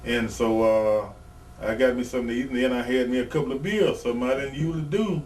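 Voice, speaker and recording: A man's medium-pitched voice comes quick and a little mellow as he recounts his wrestling days. He's a retired pro wrestler guesting in a casual interview, telling blunt, rambling, profane stories, recorded through a distant mic with faint background noise.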